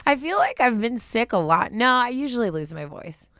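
A young woman co-hosting a podcast, raspy from a cold, playful and laughing often. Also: a little high, sing-song, normal speed, fairly bright tone, dry recording, studio quality. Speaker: podcast co-host. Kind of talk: casual chat.

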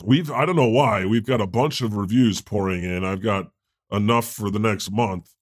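A man's voice: fairly low pitch, dry recording, clean studio sound, natural voice. A man playing God, a chatty male deity who hosts an improvised comedy podcast. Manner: conversational, quick to laugh, animated. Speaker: host.

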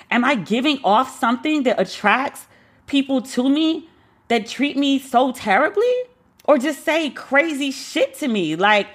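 Blunt, bright-voiced New York woman. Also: on the high side. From Brooklyn, New York. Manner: blunt, profane, acts out quoted dialogue. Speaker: storyteller. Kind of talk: candid personal storytelling.

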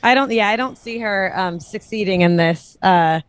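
A woman's voice: mid-range voice, moderate pace, smooth, no room sound. A woman co-hosting a casual chat, telling stories in a chatty way. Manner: chatty storytelling with laughs. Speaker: podcast co-host.

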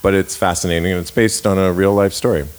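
A man chatting casually, gushing and telling stories with animated enthusiasm. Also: low-pitched, quick pace. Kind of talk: casual chat.

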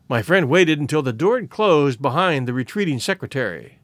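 A man narrating a classic story as an audiobook in an expressive, measured way. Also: on the high side, no room sound.

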